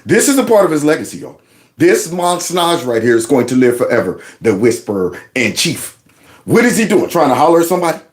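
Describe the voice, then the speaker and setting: A man's voice: a little high, big pitch swings, fairly quick. A man hosting a reaction show, mocking and incredulous as he comments on clips. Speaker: host.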